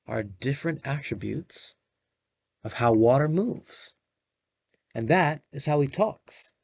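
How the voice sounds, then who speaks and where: A man, a children's librarian, reading a picture book aloud to young children in a gentle manner, stopping to explain the pages. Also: medium pitch, lively intonation, slow pace, creaky, long pauses.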